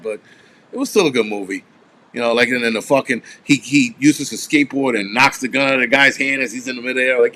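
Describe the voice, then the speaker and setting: A man with a fairly high voice hosts a casual live stream and rambles from one thought to the next. He swears freely, and when he tells a story his delivery turns animated. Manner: rambling, with restarts. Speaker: host.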